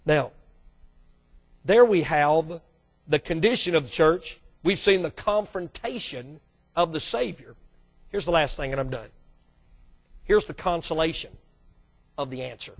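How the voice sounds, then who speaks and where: High-pitched preaching pastor. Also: male voice, expressive, a little slow, creaky, long pauses. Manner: dynamic preaching, swinging between loud bursts and hushed asides; calls out to the congregation for response. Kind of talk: sermon.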